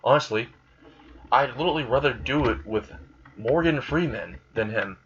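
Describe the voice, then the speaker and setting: A man's voice: mid-range voice, animated, normal speed, fairly bright tone, close to an everyday voice. A man voicing a cocky young man who talks crudely and dismissively. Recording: slightly dull recording with faint hiss.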